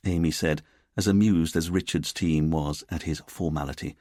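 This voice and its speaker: A man narrating a mystery audiobook in a measured, expressive storytelling manner. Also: rumbling low, no room sound, studio quality. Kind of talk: scripted narration.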